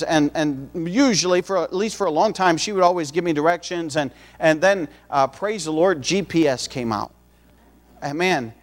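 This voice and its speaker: A man preaching a sermon in a folksy, conversational way, a missionary preacher mixing scripture with homespun everyday asides. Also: a little high.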